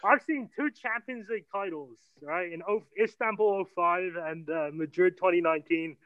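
A man's voice: high voice, normal speed, muffled recording. A man chatting casually about football, swearing and laughing as he talks.

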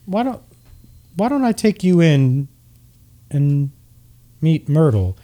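A man voicing a confused male wood elf who speaks in halting, hesitant phrases. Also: fairly high pitch, big pitch swings, dark tone. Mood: unsure.

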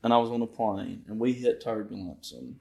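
A man's voice: lowish voice, brisk, vocal fry, warm tone, a little hiss or hum. A young man with a Southern US accent, chatting as a podcast guest and telling brash stories, swearing freely. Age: young adult. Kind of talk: casual chat.

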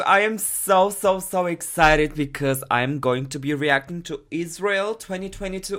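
A man's voice: sits high, animated, unhurried, few pauses, a bit bright, a little hiss or hum. A man co-hosting a reaction video, talking in an effusive, dramatic, gushing way. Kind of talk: excited casual reaction chat.

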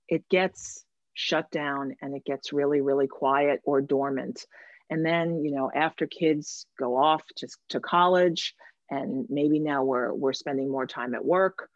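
A woman's voice: low voice, no echo, muffled recording. A woman who coaches women, speaking earnestly and reflectively in a conversation, often repeating words as she talks.

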